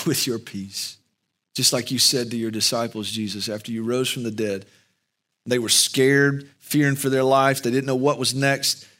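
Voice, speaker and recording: A male pastor giving an earnest sermon and closing prayer, with slow, emphatic pauses. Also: lowish voice, a bit bright.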